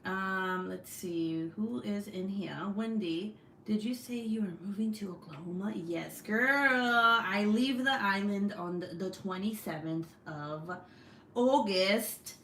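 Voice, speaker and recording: A woman's voice: medium pitch, slow, a bit bright, slight background noise. A young woman hosting a casual craft livestream, chatting and reading comments aloud in a rambling, swearing way. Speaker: craft channel host.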